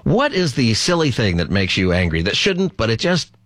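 A man's voice: medium pitch, big pitch swings, normal speed, a bit bright, dry recording, clean studio sound. A middle-aged man hosting a call-in radio talk show, chatty and rambling, often laughing.

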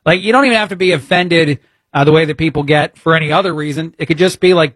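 A man's voice: fairly high pitch, fast, a bit bright, no room sound. A man filling in as a talk radio host, giving an indignant, sarcastic monologue full of "uh" fillers.

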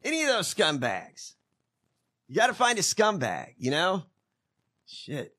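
A bright, high-pitched man riffing profanely and mockingly in a casual podcast chat. His voice swings widely up and down as he talks. It sounds tense and sharp. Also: wildly swooping pitch, unhurried. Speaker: podcast co-host.

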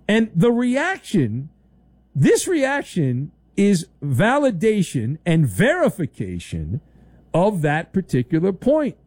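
A middle-aged man hosting a sports talk radio show, delivering a sarcastic, animated monologue and mocking the views he disputes. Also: high-pitched, no room sound, clean studio sound.

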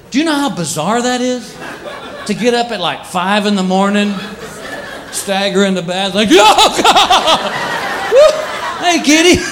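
A middle-aged male stand-up comedian telling stories in a wry, animated, conversational way before a live audience. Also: high voice, a little hiss or hum. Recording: live show with loud crowd laughter.

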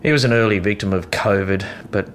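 A man's voice: on the low side, a little fast, slight background noise. A man hosting a radio show, introducing clips and talking straight to the listener in a conversational way. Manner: conversational, addresses the listener directly. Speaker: radio host.

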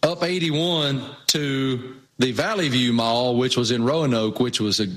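A man with a Southwest Virginia accent chats casually as a co-host. His pitch sits in an ordinary middle range. He tells stories in a folksy, unhurried way. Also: fairly even intonation, fairly bright tone. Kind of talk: casual chat.

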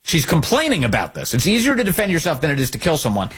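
A man hosting a political talk show, giving combative, sarcastic commentary with a husky voice. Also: fairly high pitch, fast talker. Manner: combative, sarcastic, lively intonation. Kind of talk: opinionated commentary.

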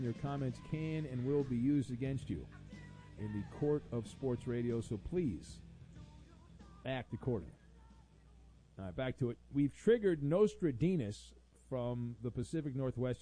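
A man's voice: medium pitch, normal speed, warm tone, soft background music. A man hosting a sports radio show, reading out listener messages with sarcastic, rambling jokes. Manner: sarcastic, jokey, rambling asides.

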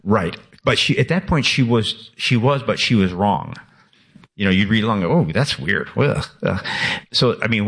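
A man in his sixties, an author speaking as a radio guest, animated and laughing, with many restarts. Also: lowish voice, slightly rough. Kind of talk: radio interview conversation.

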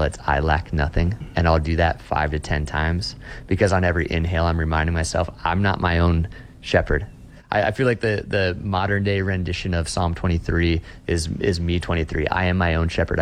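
A young man with a very low voice talks as a pastor in an interview. He sounds earnest and reflective, and he often restarts and repeats words as he works through his thoughts. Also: flat delivery, brisk, a little hiss or hum. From Austin, Texas. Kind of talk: conversational interview.

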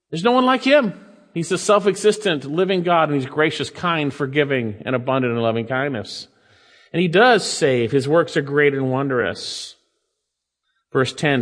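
A man preaching a sermon, reading scripture aloud and explaining it, swinging from emphatic highs to hushed, low asides. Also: big pitch swings, normal speed. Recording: long reverb of a large hall.

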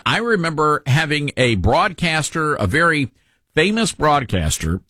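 A middle-aged radio host with a soft Southern twang and a husky edge. His pitch swings up and down as he delivers folksy, opinionated commentary in a close, dry studio sound. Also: no room sound. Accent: mild Southern US. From Tennessee. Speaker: radio talk show host.

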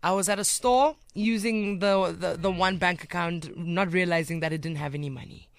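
A young woman with a South African accent, hosting a casual radio chat as an animated storyteller. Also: lowish voice, normal speed, no room sound. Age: young adult. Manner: animated storyteller, acts out quoted voices. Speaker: radio host.

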